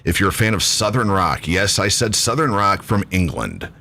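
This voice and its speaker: A man's voice: sits low, very animated, moderate pace, sharp tone. A man hosting a talk radio show, chatting loosely, cursing and joking at his own expense. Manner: loose, cursing, self-mocking banter. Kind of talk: casual talk radio chat.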